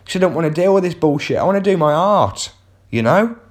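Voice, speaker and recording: A man's voice: on the high side, expressive, a little fast. A man, a comedian hosting his own podcast, telling a rambling, self-mocking story with wry asides. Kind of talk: casual comic monologue.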